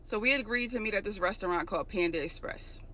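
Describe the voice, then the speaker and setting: A woman casually telling a personal story to her viewers, animated and colloquial, acting out the dialogue. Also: mid-range voice, fast. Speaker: storytime creator.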